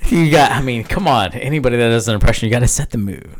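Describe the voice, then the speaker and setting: A man's voice: mid-range voice, expressive, rapid-fire, a little hiss or hum. A man in casual podcast chat, loose and swearing freely.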